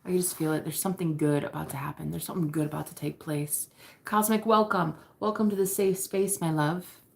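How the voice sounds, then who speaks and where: A woman's voice: deep voice, steady tone, fairly quick, gravelly. A woman chatting casually and candidly to her viewers, laughing often and swearing now and then. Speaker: vlogger. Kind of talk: casual confessional chat to camera.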